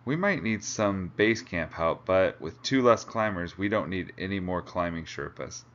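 A man reading aloud, voicing a calm, matter-of-fact male expedition leader. The recording sounds dull and lo-fi. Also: sits low, moderate pace.

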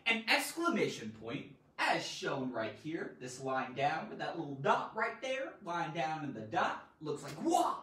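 A woman teaching a live online grammar lesson, animated and theatrical, with loud exclamations. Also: sits low, measured pace, echoey room, recorded from a distance, rough recording.

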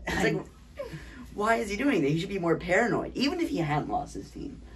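A man's voice: high voice, big pitch swings, a little fast, distant mic, a little hiss or hum. A young man in a casual film review chat, joking and curious, mimicking the characters. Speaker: film review show host.

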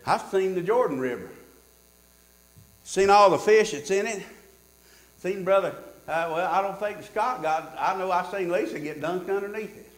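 A man preaching a sermon as pastor, swinging from loud shouts to hushed tones. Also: high-pitched, normal speed, long pauses. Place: church. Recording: echoey church sanctuary.

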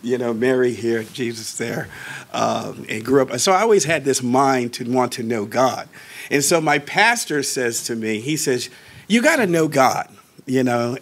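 A man in his sixties recounts a personal testimony in an animated style. He draws out important words and shifts between quiet asides and raised emphasis. His pitch sits in an ordinary middle range for a man. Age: 60s. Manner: slows down and draws out key words. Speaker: Baptist pastor.

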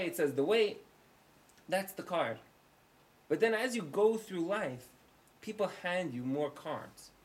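Animated rabbi telling a story. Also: male voice, fairly high pitch. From United States. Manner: animated storyteller, acts out dialogue. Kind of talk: storytelling lecture.

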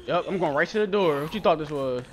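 A young man, giving excitable, swearing commentary while playing a horror game. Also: on the high side, fast, a little hiss or hum. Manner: excitable, swearing, calls out in panic during chases. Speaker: gaming channel host. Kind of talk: live gameplay commentary.

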